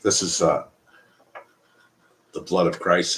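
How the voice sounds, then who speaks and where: A man's voice: sits low, a little slow, a bit bright. A Canadian man hosting a casual live stream, talking bluntly and profanely in a rambling way.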